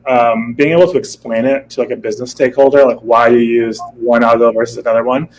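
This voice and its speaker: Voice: medium pitch, steady tone, quick pace, a little mellow, poor audio. A host in a casual interview asks loose, rambling questions. They are full of fillers and restarts.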